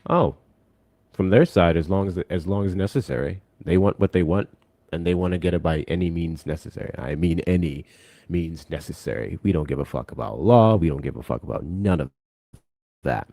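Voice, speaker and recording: A man's voice: low voice, a little fast, dark tone, dry recording. A man co-hosting a casual political livestream chat, blunt and earnest, swearing freely. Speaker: co-host.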